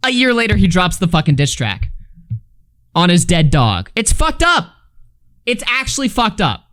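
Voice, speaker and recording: A man's voice: high-pitched, wildly swooping pitch, moderate pace, a bit bright. A man live-streaming a casual reaction, swearing freely, laughing and reading chat messages aloud. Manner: loose, profane, laughing, reads chat aloud.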